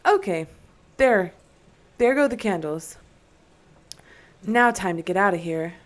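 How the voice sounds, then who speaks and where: This young woman, live-streaming a horror game, speaks slowly in a mid-range voice with lively intonation. Talking casually into her desk mic, she sounds nervous and frequently sinks into frightened whispers.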